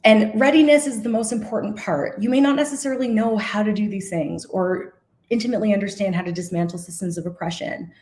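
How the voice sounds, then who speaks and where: A woman's voice: mid-range voice, fairly even intonation, fast talker, a little mellow. A woman giving a conference keynote in an earnest, impassioned way, correcting herself now and then and close to tears at times. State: emotional, near tears. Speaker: keynote speaker.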